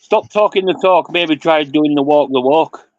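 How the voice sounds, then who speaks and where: A man's voice: fairly high pitch, moderate pace, dry recording. A man on a football fan livestream, chiming in bluntly and agreeing in casual chat. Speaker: fan panelist. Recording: dull, dry lo-fi mic.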